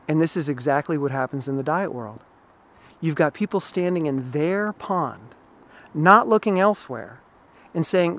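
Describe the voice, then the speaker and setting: A man's voice: on the high side, lively intonation, moderate pace, no room sound. Emphatic man vlogging outdoors by a pond. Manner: emphatic, explanatory. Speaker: running vlogger. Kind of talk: outdoor vlog monologue.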